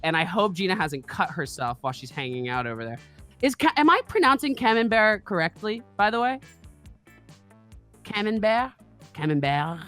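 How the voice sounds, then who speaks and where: A woman's voice: medium pitch, lively intonation, brisk, pushed and bright, soft background music. A woman on a game stream talks in loose, rambling asides. She pokes fun at herself with an easy, mid-range voice. Her delivery is casual and unpolished. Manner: rambling, self-deprecating, laughing easily. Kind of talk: casual let's-play chat.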